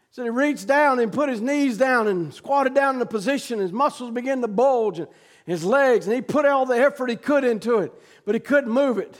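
A man preaching a sermon, telling a story that builds into shouted preaching. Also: extremely high pitch.

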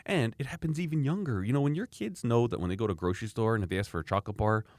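A man's voice: mid-range voice, rapid-fire, darkish tone, no room sound, clean studio sound. A man from Canada talking casually about raising children, emphatic and rambling, often restarting his sentences. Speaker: parent sharing views. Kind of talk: casual opinionated chat.

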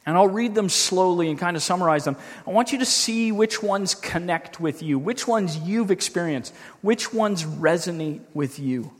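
A man preaching a sermon as a pastor, earnest and reflective, slowing down to read scripture aloud. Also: high voice, animated, big-room sound. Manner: earnest, reflective, slows down when reading scripture.

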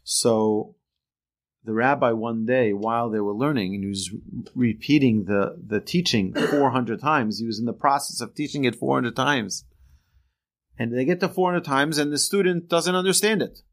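A man teaching a religious lesson through earnest, animated storytelling. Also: medium pitch, normal speed.

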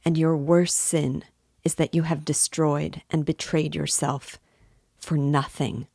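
A woman's voice: sits low, level tone, takes it slowly, gravelly, a little mellow, husky, no echo, clean studio sound, heavily acted. A woman reading the lines of an intense, feverish young man who lectures almost in a frenzy. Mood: frenzied.

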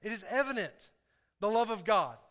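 A man's voice: high voice, normal speed. A man giving a casual, joking sermon, often repeating himself and asking the congregation questions. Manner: animated, joking, repeats words and asks the crowd questions. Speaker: preacher. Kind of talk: conversational sermon. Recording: reverberant hall.

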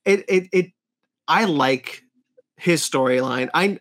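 A man's voice: fairly high pitch, slow pace, fairly bright tone. A man hosting a podcast, chatting casually and with strong opinions, full of fillers and restarts. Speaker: podcast host. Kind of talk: casual review chat.

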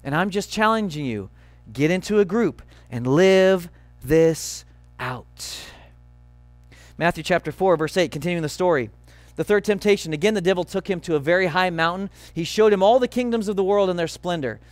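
Male pastor, sermon delivery, emphatic and earnest, high voice, dry sound. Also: animated, dry recording. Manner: earnest, emphatic, slowing on key phrases.

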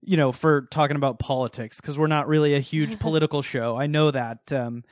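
Male podcast host, sincere and hesitant, a bit high-pitched, dry close sound. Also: steady tone, no echo. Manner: earnest and halting, many fillers. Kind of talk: casual chat.

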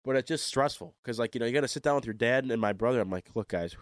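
A man's voice: mid-range voice, rapid-fire, dry recording. Joking, rambling man on a dry mic. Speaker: podcast co-host. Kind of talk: casual chat.

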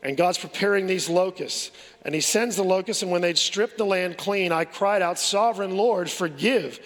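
A male pastor preaches with earnest conviction, firing rhetorical questions and circling back over his words. His voice sits a little higher than most men's. The sound rings out with a long reverb, as in a large hall. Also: moderate pace. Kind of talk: sermon.

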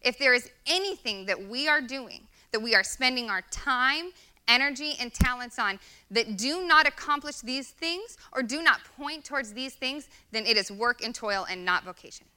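A woman's voice: a little high, animated, moderate pace, sharp tone, clean tone. A woman in her thirties giving an earnest, conversational sermon with many fillers. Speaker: guest speaker.

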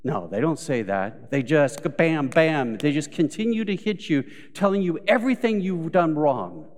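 A man's voice: on the high side, very animated, normal speed, darkish tone. A male pastor preaching a live sermon, telling everyday stories and acting out what people say, building to emphatic peaks before dropping back down. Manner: storytelling with acted quotes, rising to emphatic peaks. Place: church sanctuary. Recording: live church recording with long hall reverb.

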